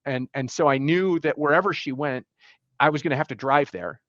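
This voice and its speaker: A middle-aged man tells a painful personal story as a podcast guest, his voice sitting somewhat high. He halts often, restarting lines and reaching for fillers as the emotion catches up. The sound is dull and lo-fi, with no room echo. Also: brisk, a bit bright.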